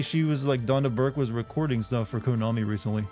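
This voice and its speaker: A man's voice: medium pitch, fast talker, mellow, soft background music. A man chatting casually while streaming a game, rambling and answering his chat. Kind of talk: casual let's-play chat.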